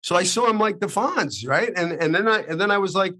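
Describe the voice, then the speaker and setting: A middle-aged man with a thick Brooklyn accent hosts a relaxed interview. His voice sits a little high for a man, and he tells stories in an animated way, full of "you know"s. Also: fairly quick. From Brooklyn, New York. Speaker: podcast host, actor. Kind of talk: casual interview chat.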